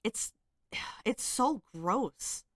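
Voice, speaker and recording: A woman's voice: a little high, lively intonation, very slow, no room sound, studio quality. A woman giving casual, rambling commentary as she reads screenshots, hedging a lot and sounding exasperated and critical. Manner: rambling, hedging with frequent fillers. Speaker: commentary channel host.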